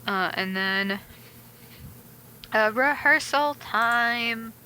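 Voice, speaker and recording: A woman's voice: on the high side, bright, forceful tone, rough recording. A woman co-hosting a podcast, summarizing the story casually. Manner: brisk plot summary with fillers. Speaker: podcast co-host. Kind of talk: casual chat. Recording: faint fan hum.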